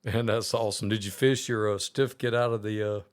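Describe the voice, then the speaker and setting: A man's voice: lowish voice, fairly even intonation, quick pace, clear, resonant tone, no room sound, studio quality. A man hosting a podcast, asking short, easygoing questions in a casual interview. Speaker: podcast host.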